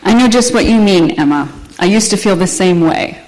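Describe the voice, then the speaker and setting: A woman reading the part of a kind, patient mother who gently explains things to her daughter in a storybook read aloud. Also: mid-range voice, animated, moderate pace, background noise, close to an everyday voice. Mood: explaining.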